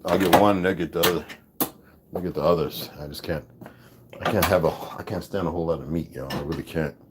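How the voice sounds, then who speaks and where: Brisk and low-pitched, a man chats with stream viewers and mutters as he cooks at home in his kitchen. The recording is very noisy.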